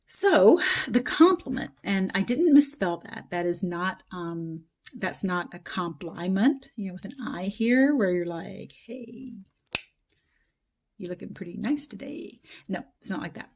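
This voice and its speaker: Female math instructor, slightly hoarse, easygoing explanatory lecture delivery with fillers. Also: mid-range voice, lively intonation, a little slow, a little mellow. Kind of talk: recorded lecture.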